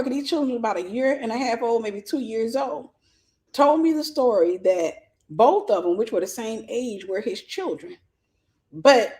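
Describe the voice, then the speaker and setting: A woman host telling a personal story and giving dating advice in a lively, casual way, often breaking into laughter. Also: fairly high pitch. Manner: animated, bursts into laughter, vernacular.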